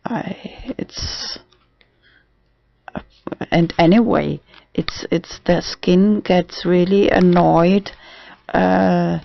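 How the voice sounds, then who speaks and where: A trans man talking haltingly in a casual video diary, with many restarts and fillers. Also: high voice, fairly even intonation, vocal fry, no echo. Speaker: vlogger. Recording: dull dry lo-fi recording.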